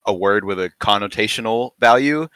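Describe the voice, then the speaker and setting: A man's voice: fairly low pitch, fairly quick, a bit bright, smooth, no room sound. A man in his twenties, a podcast guest in casual chat, rambling and filling his talk with "like". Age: 20s. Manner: rambling, heavy use of "like".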